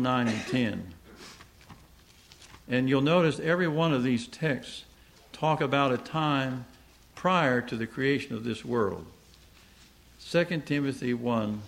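A man's voice: medium pitch, vocal fry. A man preaching a sermon to a congregation, earnest, asking the listeners questions and repeating key lines.

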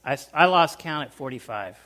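A man telling a personal story to a small group, animated, with loudness swinging up and down and sounds acted out. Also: fairly high pitch, brisk. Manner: animated, loudness rising and falling, acts out sounds. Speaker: speaker recounting life overseas.

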